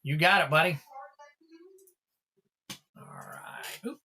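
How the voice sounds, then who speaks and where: A man's voice: a little high, huge pitch swings, slow, creaky, pushed and bright, slightly rough. A man hosting a trading card livestream, chatting casually and thanking viewers by name.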